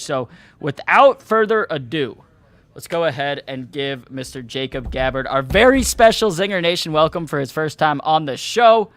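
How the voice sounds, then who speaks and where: A man's voice: fairly high pitch, a bit bright, clean tone, no echo. Rambling male talk-show host, dry sound. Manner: rambling, restarts often. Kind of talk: live market talk show.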